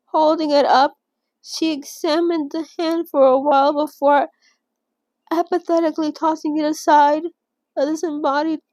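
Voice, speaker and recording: A young woman with a high, bright-toned voice hosts a casual read-along of a novel. She reads in a halting way, breaks off to react with emotional gasps and restarts, then goes back to the page. The recording is close and dry. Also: no room sound. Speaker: channel host reading a novel aloud.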